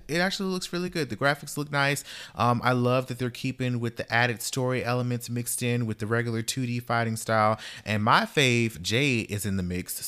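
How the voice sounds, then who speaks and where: A young man hosting a podcast, talking in a sassy, dramatic way that swings from loud rants to dry asides. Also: on the low side. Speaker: podcast host. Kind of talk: casual podcast monologue.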